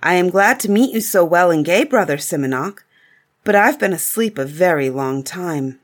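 A woman's voice: fairly low pitch, lively intonation, normal speed. A woman voicing a young prince just woken from long sleep, in a storybook reading. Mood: glad.

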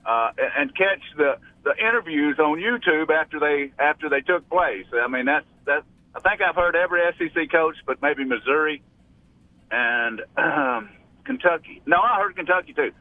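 This radio caller from Alabama has a Southern accent and an animated, somewhat high voice at a moderate pace. He rambles through a casual phone chat with plenty of restarts, heard over a tinny line.

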